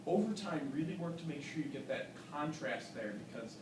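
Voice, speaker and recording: Man, fairly high voice, coaching a singer in a masterclass; echoey, distant mic with audible background noise. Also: lively intonation, a little fast. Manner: encouraging, explanatory, with frequent "um"s. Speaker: vocal adjudicator. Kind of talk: masterclass critique.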